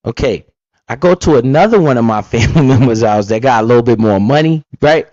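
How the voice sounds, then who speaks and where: A man's voice: medium pitch, animated, fast talker, darkish tone, dry recording, lo-fi sound. A man giving blunt, profane, casual commentary while reacting to an interview, full of asides and storytelling.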